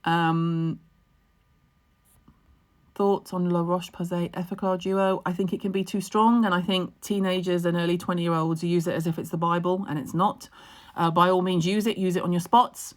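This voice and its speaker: A woman giving brisk, frank skincare advice in a casual livestream Q&A, chatty and full of ums. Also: lowish voice, fairly even intonation. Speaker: skincare expert answering viewer questions. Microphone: phone on a livestream.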